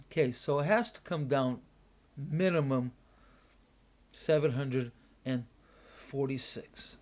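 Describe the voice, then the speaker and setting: A sleepy man talks through his trades, half to himself. He speaks slowly and at an even, middle pitch, pausing and restarting as he thinks. The delivery is casual and drowsy. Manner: unhurried, muttering to himself with pauses and restarts. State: sleepy, yawning. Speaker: day trader streaming a live trading room. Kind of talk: casual thinking aloud while trading.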